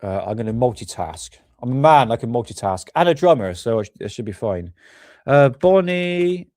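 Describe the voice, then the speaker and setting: A man's voice: on the low side, expressive, fairly quick, warm tone, dry recording, studio quality. Rambling man live-streaming. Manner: rambling, swears while fumbling with videos. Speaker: UFO channel host. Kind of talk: casual live stream chat.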